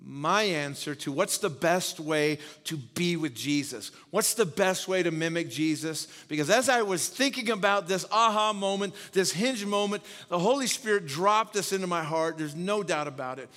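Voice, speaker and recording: Male pastor, sermon, emphatic, repeats key lines, fairly high voice, long hall reverb. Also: normal speed, few pauses, fairly bright tone. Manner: emphatic, repeats key phrases, quizzes the audience.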